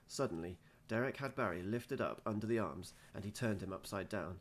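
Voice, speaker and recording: A male teacher reads a children's storybook aloud at an easy pace. His voice sits low, with a gravelly rasp. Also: brisk, hardly any pauses.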